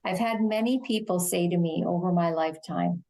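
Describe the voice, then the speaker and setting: Middle-aged woman, quiet soothing voice, slow and gentle, a bit low. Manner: slow, measured, gentle delivery. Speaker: shelter executive director, interview guest. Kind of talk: explaining de-escalation in a TV interview.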